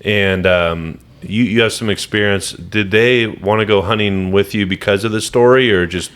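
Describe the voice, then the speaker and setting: A podcast co-host with a lowish male voice. He cuts into the guest's story with quick, casual questions and short follow-ups. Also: fairly bright tone, smooth.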